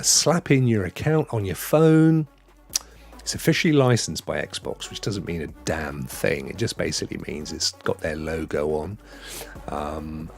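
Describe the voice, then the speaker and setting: Brief: British male streamer, middle-aged, lively up-and-down delivery, slightly husky, faint music underneath. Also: lowish voice. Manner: excitable, chatty, reads viewer comments aloud. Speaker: live stream host. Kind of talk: casual live-stream chat.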